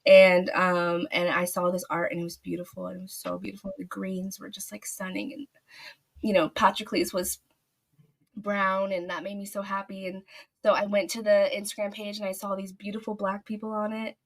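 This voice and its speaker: A woman's voice: mid-range voice, level tone, moderate pace. A woman author telling a long story in a casual podcast interview, gushing and rambling with many fillers. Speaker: author guest.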